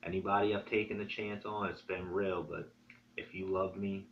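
A man's voice: sits low, little pitch movement, moderate pace. A man talking straight to the camera in a vlog, earnest and heavy on swearing as he preaches self-improvement. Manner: earnest, profane, preachy pep talk. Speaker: vlogger. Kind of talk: direct-to-camera vlog monologue. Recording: dull lo-fi sound with faint hum.

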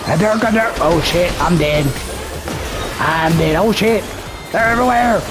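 A man giving casual gameplay commentary, excitable and full of profane trash talk. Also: on the high side, a little slow. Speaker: gamer streaming gameplay. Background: game music.

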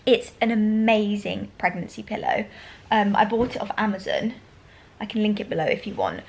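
A woman's voice: medium pitch, animated, moderate pace, vocal fry, darkish tone, poor audio. A young woman vlogging casually, chatty and gushing, with lots of fillers and a little out of breath. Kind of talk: casual vlog chat to camera.

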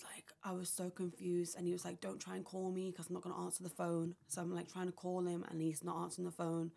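A woman's voice: lowish voice, creaky, darkish tone. A young woman on a podcast, telling a personal story in a rambling way, full of "like" and acted-out quotes. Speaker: podcast guest.

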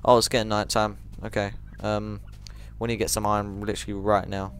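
A man giving rambling let's play commentary, jumpy and quick to shriek when startled. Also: on the low side, little pitch movement, a little hiss or hum.

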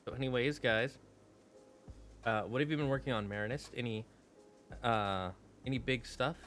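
A man's voice: mid-range voice, moderate pace, a bit bright, soft background music. Chatty male game streamer. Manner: chatty, playful, talks to his chat. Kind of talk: casual live-stream chat while gaming.

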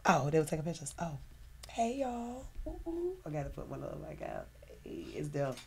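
A woman hosting a podcast interview in a lively, joking way, teasing and calling out to people around the room. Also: sits low, fast talker, creaky, slight background noise. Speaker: podcast host. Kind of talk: lively casual interview banter.

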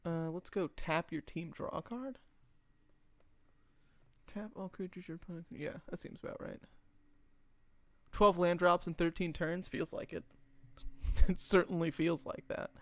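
Young male streamer, high gravelly voice, dry close mic, joking card-game commentary. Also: steady tone, a little slow, long pauses, no room sound. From United States. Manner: chatty, joking, laughs often, answers chat. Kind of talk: casual live-stream gameplay commentary.

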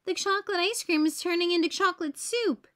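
A woman's voice: very high-pitched, brisk, fairly bright tone, voice pushed up. A woman voicing a bossy, practical young girl who gives instructions in a matter-of-fact way.

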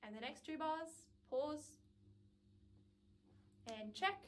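A woman's voice: high voice, lively intonation, drawn-out words. A woman music teacher giving a saxophone lesson, patiently explaining each step and counting out rhythms aloud.

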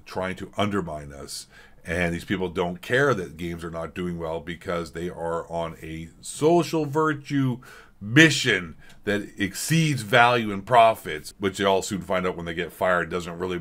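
Low-voiced sarcastic man ranting. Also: a bit bright. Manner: sarcastic, rambling, crude. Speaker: reaction video host. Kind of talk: casual rant commentary.

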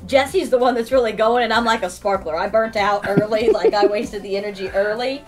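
A woman co-hosting a radio morning show, bubbly and quick to laugh as she shows the studio. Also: fairly high pitch, over music. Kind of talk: casual explaining chat.

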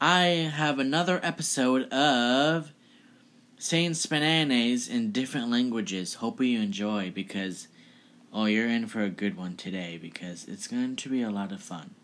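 In a slightly bright, mid-range voice, a video host presents a casual vlog without hurrying. He's chatty and offhand as he introduces each clip, laughing at how they turn out.

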